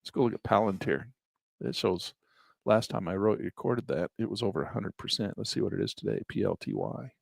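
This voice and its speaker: A man's voice: fairly low pitch, brisk, gravelly, breathy edge, no room sound. A man giving folksy, self-amused commentary on his investments while sharing his screen. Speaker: investing vlogger. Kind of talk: casual screen-share commentary.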